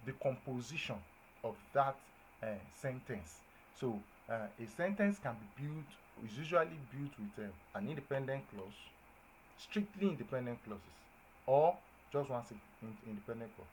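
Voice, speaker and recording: A man giving a grammar lesson at a medium pitch, stressing his examples with lively emphasis and checking that his listeners follow. A faint hiss of noise sits behind his voice. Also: moderate pace, low-quality recording. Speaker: teacher. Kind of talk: classroom-style grammar lesson.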